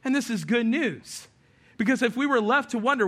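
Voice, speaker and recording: A man with a high, bright voice preaching to his congregation. He talks earnestly and conversationally, often poking fun at himself as he makes his points. His tone is sharp and ringing, pitched above most men. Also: normal speed. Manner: earnest, conversational preaching with self-deprecating asides. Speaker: pastor. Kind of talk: sermon.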